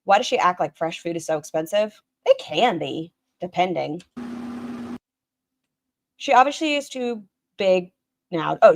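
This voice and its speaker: Sarcastic woman streamer with an animated voice that swings up and down. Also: fairly low pitch, slight background noise. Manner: snarky, animated, mocking. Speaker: stream host reacting to a video. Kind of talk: casual commentary.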